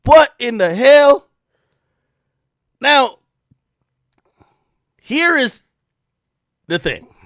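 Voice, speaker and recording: Animated sarcastic man, high lively voice. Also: no echo, studio quality. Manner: animated, mocking, swings from loud outbursts to low asides. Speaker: commentary show host. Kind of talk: sarcastic news commentary.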